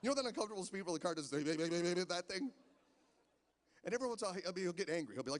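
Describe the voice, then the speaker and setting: This male comic's high voice is expressive and rapid-fire as he rambles through a casino stand-up set, stammering whenever he restarts. Long hall reverb from the live venue trails his words.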